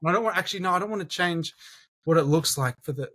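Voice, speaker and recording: Young man, slightly high voice, casual podcast chat, laid-back, swears a lot. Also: fast talker, a bit bright. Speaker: podcast co-host, YouTuber.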